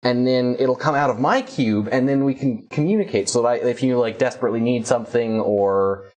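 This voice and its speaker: A man voicing an excited inventor, eager and rambling as he explains a gadget. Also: mid-range voice, brisk, close to an everyday voice. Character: excitable inventor named George, adult man.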